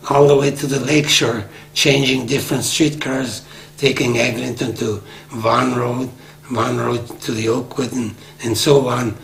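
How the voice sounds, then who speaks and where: A man's voice: mid-range voice, vocal fry, a bit bright. A man in his seventies from northern Greece, candidly telling family stories in an oral history interview, with a wry tone. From Aegean Macedonia, northern Greece. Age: 70s. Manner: candid and wry, acting out old dialogues. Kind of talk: unhurried storytelling in conversation.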